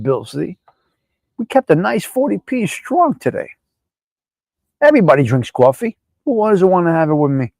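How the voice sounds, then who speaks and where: A man hosting a casual live-stream chat, brash, profane and animated as he talks back at viewers by name. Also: on the high side, gravelly, dry recording. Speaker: live show host.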